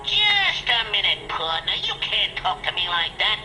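A woman's voice: medium pitch, huge pitch swings, measured pace, bright, forceful tone, full character voice. A woman doing a teasing wisecracking cartoon rabbit. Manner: teasing, unbothered. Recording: roomy old cartoon soundtrack with music.

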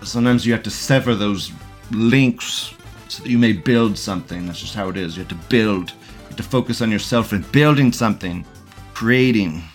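A man's voice: on the low side, moderate pace, faint music behind. A young man hosting a livestream, ranting crudely and profanely in casual commentary and laughing often. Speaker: livestream host reading chat.

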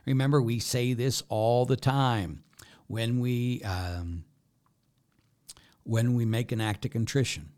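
A man, a Catholic priest, giving a plain-spoken, conversational sermon and checking in with the listeners with a quick "huh?". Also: mid-range voice, a little mellow.

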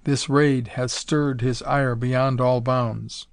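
A man reading aloud and voicing a curt, gruff older warrior in archaic speech, in a dry recording. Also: medium pitch, steady tone, takes it slowly, no room sound. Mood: stern. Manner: curt and rasping.

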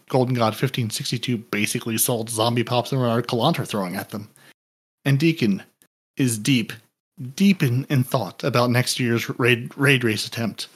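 A man's voice: medium pitch, breathy edge. A man hosting a gaming podcast in casual chat, rambling and joking as he thanks supporters. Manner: rambling, jokey. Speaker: podcast host.

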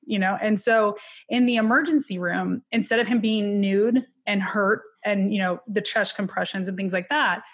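Breathy woman telling a personal story. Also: mid-range voice, steady tone. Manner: candid, emotional, with many fillers and quick laughs. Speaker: interview guest.

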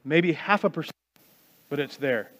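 A man's voice: on the high side, animated, normal speed, fairly bright tone. A man preaching a sermon as a pastor, talking conversationally and acting out people's complaints in mock voices. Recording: dull sound with long hall reverb.

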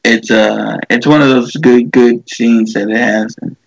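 A man's voice: medium pitch, steady tone, unhurried, vocal fry, poor audio. A man casually retelling a movie scene, rambling with many fillers and restarts.

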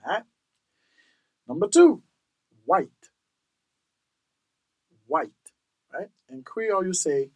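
Guy running a chill language lesson podcast, says every word a few times, slow and bouncy. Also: high-pitched, sing-song, rough recording. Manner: repeats each word several times, checks in with "all right?". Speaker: podcast host teaching language.

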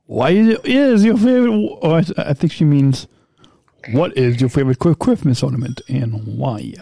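A man's voice: normal speed, vocal fry, dark tone, husky, no echo, clean studio sound. A man co-hosting a casual podcast, reading listener questions in a playful radio voice. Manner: reads listener questions in a high sing-song radio voice. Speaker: podcast co-host.

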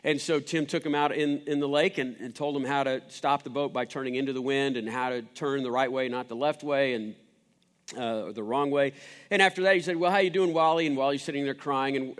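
A man telling a rambling, sermon-style story, with many restarts and fillers. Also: mid-range voice. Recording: long hall reverb.

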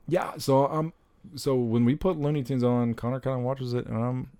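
Excitable young man with a gravelly voice. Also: mid-range voice, moderate pace, dry recording. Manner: excitable, rambling, with frequent exclamations. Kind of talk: casual chat about upcoming movies.

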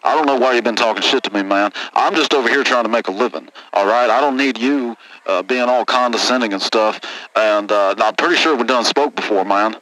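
A man's voice: mid-range voice, bright, forceful tone, no room sound, pitched below the performer's own voice, lightly acted, low-quality recording. A man voicing a crude, hotheaded trucker from Texas in a comedy call-in sketch, ending his lines with "man". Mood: angry. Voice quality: drawling, ends lines with "man", quick to threaten. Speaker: caller in a sketch.

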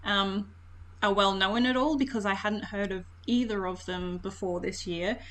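A woman's voice: medium pitch, fairly even intonation, normal speed, a bit bright. Woman, podcast co-host, giggly, hesitant, faint background hiss. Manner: giggly, hesitant, laughs often. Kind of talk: casual film chat.

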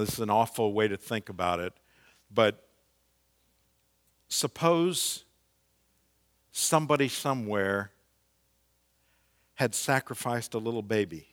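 A man preaching a sermon, explaining scripture slowly and reading passages with strong emphasis. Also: fairly low pitch, fairly bright tone. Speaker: pastor.

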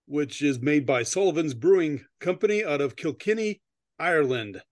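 A middle-aged man with a fairly high voice, talking casually on a close podcast mic. He rambles, restarts his sentences and laughs often. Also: lively intonation, normal speed, dry recording. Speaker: podcast co-host. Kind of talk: casual chat and story reading.

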